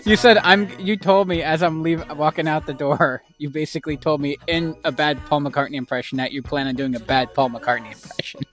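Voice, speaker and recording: A man co-hosts a casual podcast chat, often halting and restarting his sentences before landing a dry aside. His voice sits a little high for a man. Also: fairly bright tone, soft background music. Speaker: podcast co-host.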